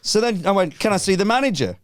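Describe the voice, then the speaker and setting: A man's voice: high voice, quick pace, no echo. Northern guy ranting through a funny story on a podcast, sweary and worked up, bouncy voice, dry sound. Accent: Northern English. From northern England. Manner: animated storyteller acting out both sides of a row; sweary and indignant. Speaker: podcast guest. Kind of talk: comedic anecdote.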